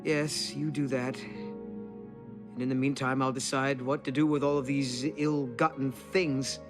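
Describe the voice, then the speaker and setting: A man's voice: medium pitch, little pitch movement, measured pace, lightly acted. A fretful male merchant in a video game, voiced by a man frets and apologizes in a mid-range voice. He sounds anxious and wordy. Faint game music sits underneath. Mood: remorseful.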